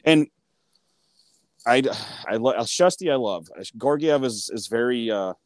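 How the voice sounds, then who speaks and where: A man co-hosting a casual hockey chat, excitable and full of fillers, acting out his own reactions. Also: medium pitch, a little slow, dry recording. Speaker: sports podcast co-host.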